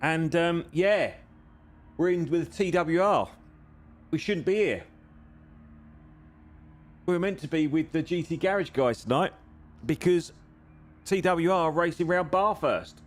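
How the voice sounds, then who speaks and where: A man's voice: a little high, a little slow, pauses often. Rambling man streaming sim racing. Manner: rambling, self-deprecating, many ums. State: a bit tired. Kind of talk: casual live-stream chat.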